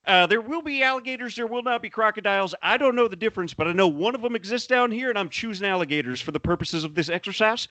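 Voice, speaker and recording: A man's voice: high-pitched, fast talker, few pauses, sharp tone, dry recording, pitched above the performer's own voice. A man voicing a folksy Southern swamp tour guide who talks in rambling, chummy tour patter with a put-on Southern accent.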